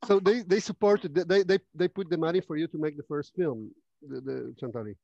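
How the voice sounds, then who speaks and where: A man's voice: on the high side, fairly quick, creaky, dark tone, no room sound, dull audio. A male interviewer asking short questions in a casual talk, hesitant and repeating his words, heard from off-mic.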